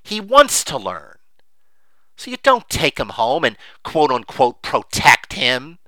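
A man's voice: medium pitch, wildly swooping pitch, slow pace, sharp tone, no room sound. A middle-aged man giving an unscripted, emphatic monologue on investing, rambling with many fillers. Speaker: investing commentator.

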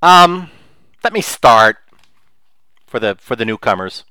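A man's voice: medium pitch, very animated, slow, bright, forceful tone, clean tone, no echo. A man hosting a solo podcast, talking in a rambling, digressive way with chuckling asides. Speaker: podcast host.

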